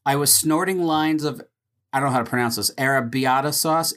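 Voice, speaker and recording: A man's voice: mid-range voice, fairly quick. Casting note: male co-host, mid-range voice, easygoing and chatty. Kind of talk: casual movie chat.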